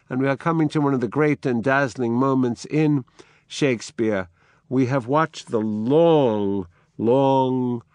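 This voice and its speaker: An older man giving a literature lecture, telling the scene slowly and dramatically and reading out the quotes. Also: mid-range voice, no echo, clean studio sound. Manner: slow, dramatic storytelling with acted quotes.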